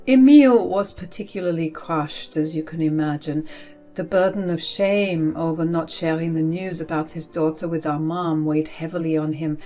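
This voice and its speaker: A woman's voice: low voice, fairly even intonation, moderate pace, warm tone, soft background music. A woman narrating a first-person story in an earnest, emotional way.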